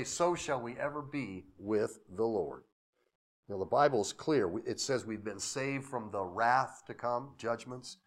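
A man preaching a sermon, swinging from emphatic declarations to hushed, reverent asides, with conversational anecdotes. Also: medium pitch. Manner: conversational, with chuckles and acted-out anecdotes. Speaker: pastor.

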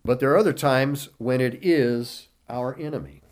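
A man delivers a sermon at normal speed in a medium-pitched, darkish voice. He reads King James scripture with building emphasis and asks his listeners rhetorical questions.

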